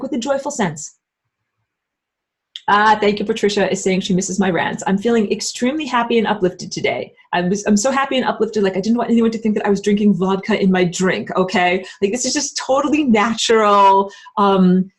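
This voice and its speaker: Bubbly chatty woman teaching live. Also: breathy edge. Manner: bubbly, chatty, acts out quoted people in high voices; many fillers like "like" and "um". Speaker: online spiritual course teacher. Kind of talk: live-streamed lesson answering chat.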